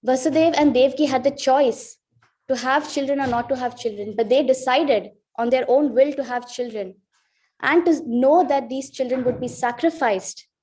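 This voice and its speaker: A woman with a fairly high voice teaches a devotional class in a temple. She tells a sacred story and gives the figures in it heartfelt, emotional voices. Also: moderate pace, darkish tone. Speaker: class speaker.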